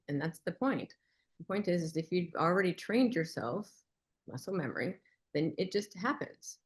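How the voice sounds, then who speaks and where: Lady on a webinar, low-ish voice, chatty storyteller acting out the quotes. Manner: lively storyteller who acts out quoted lines. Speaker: webinar co-presenter. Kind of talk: casual webinar talk.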